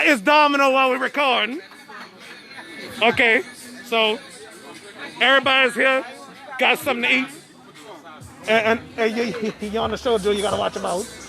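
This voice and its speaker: Here the host's voice is mid-range and gravelly, pushed and bright, as they stammer and repeat themselves during casual live-stream talk at an outdoor family party. It's recorded on a phone amid music and a chattering crowd.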